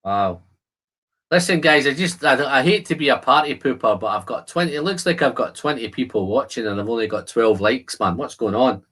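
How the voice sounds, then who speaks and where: A whisky channel host with a husky, fairly bright mid-range voice speaks briskly and expressively. On a casual live stream, he chats with viewers, answers their comments, and describes the aromas of the whisky he's tasting.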